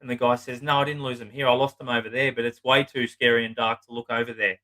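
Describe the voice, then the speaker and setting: A middle-aged man with a bright, forceful voice shares client stories in a loose interview. His talk is blunt and full of profanity. He often slips into acting out what other people said. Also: medium pitch, level tone, fast, low-quality recording. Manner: blunt, swears freely, acts out clients' lines. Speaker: psychotherapist guest. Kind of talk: casual storytelling interview.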